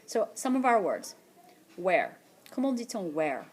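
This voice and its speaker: A woman teacher narrating a screencast lesson, explaining patiently and repeating French words slowly for practice. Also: mid-range voice, sing-song, darkish tone, husky. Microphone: tablet or headset mic for screencast voice-over.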